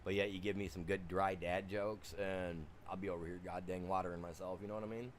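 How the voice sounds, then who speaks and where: Male game streamer, casual rambling chat, chuckles often, a bit low-pitched, faint noise behind. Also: level tone, fairly quick. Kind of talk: casual chat during a livestream.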